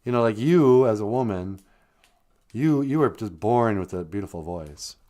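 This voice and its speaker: A man's voice: lowish voice, lively intonation, normal speed, warm tone. A man hosting a casual comedic chat, rambling and joking with strong opinions. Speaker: podcast host.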